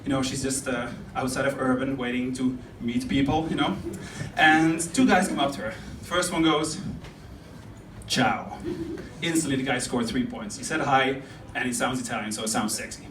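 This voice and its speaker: A man's voice: mid-range voice, flat delivery, a little fast, few pauses. A young man performing a stand-up comedy set on a club stage, rambling and chatty, laughing at his own jokes. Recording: roomy club sound from a distance with crowd noise.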